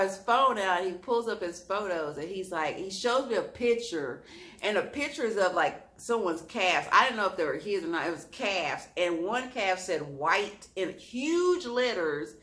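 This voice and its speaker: A woman vlogger telling a storytime in a lively, expressive way, laughing at her own story. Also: medium pitch, moderate pace.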